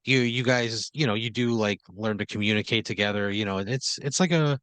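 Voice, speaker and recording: A man's voice: fairly low pitch, brisk, a bit bright, dry recording. A man hosting a comedy podcast and spinning an improvised story, rambling and filler-heavy, often checking in with "right?". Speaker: podcast host.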